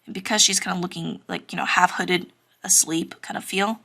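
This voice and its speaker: A young woman talks through a drawing tutorial in a casual, rambling way, full of fillers and shy little laughs. Her voice sits somewhat low and has a bright tone with noticeable vocal fry. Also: fairly even intonation, fairly quick. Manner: chatty, many fillers, giggly and self-conscious. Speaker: drawing teacher.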